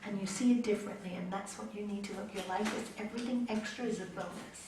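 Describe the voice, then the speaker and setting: A middle-aged woman teaching a yoga class, animated and repeating her key words for emphasis. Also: mid-range voice, fast talker, background noise. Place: teaching room. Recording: echoey room, mic far off.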